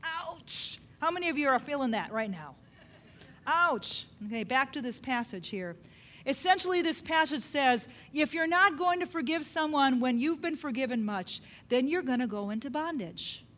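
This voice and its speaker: Woman, high voice, sermon, dramatic scripture retelling, animated preaching. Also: fairly quick.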